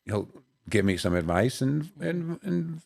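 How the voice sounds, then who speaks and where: A male comedian sits in a podcast studio, telling road stories in a gravelly voice. His pitch rises and falls with lively swings as he acts out the other people in each tale. He keeps dropping in a casual "you know what I mean" as he goes. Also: measured pace. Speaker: guest comedian. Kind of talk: storytelling anecdotes in an interview.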